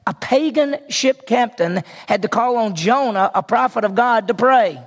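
Male pastor, husky and raspy tone, sermon storytelling. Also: extremely high pitch, normal speed. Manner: storytelling with acted-out voices, rhetorical questions.

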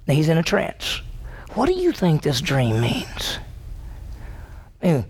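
This pastor's mid-range voice is slightly mellow and husky, with wildly swooping pitch and an unhurried pace. The sermon is vivid storytelling that acts out the dialogue, delivered emphatically, with questions put to the congregation.

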